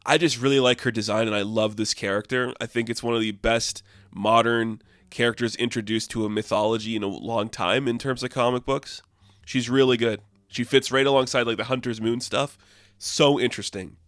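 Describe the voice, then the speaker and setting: A man talks through a comic book issue in a loose, rambling way, leaning on "like" and "I guess" as he goes. His voice sits at an ordinary middle pitch. The sound is dry and close, with no room echo. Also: fairly even intonation, brisk, a bit bright. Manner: rambling, heavy use of "like" and "I guess". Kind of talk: casual spoken review.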